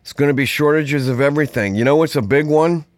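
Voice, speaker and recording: A man's voice: a little high, fast, no room sound, studio quality. A man hosting a podcast in a loose, conversational monologue, wandering into asides and trailing off mid-thought. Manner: rambling, conversational, many fillers and asides. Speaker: podcast host. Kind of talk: casual monologue.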